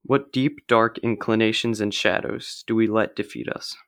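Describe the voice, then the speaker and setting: A man reading a story aloud during a church service, even and reflective. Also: fairly low pitch, moderate pace, no room sound, studio quality. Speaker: liturgy reader.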